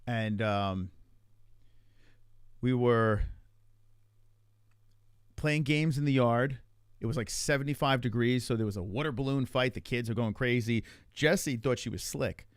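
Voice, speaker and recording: This male podcast host has a mid-range voice and is recorded with studio quality and no echo. He's animated, swears freely, and tells his stories in a loose, rambling, casual way.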